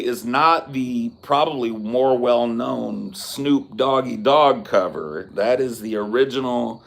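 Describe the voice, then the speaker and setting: A man in his forties hosts a podcast in loose, swear-filled casual chat. His voice sits at an ordinary middle pitch, neither deep nor high, and he breaks into easy laughs between lines. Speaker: podcast host. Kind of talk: casual chat, reciting rap lyrics from memory.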